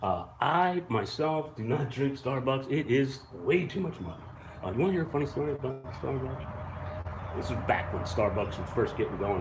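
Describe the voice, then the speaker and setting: Man, live-show host, casual rambling storyteller, lively pitch, faint room noise. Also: fairly quick, echoey room. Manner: rambling, animated storyteller who swears and laughs. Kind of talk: casual live-stream chat, reacting to viewer comments.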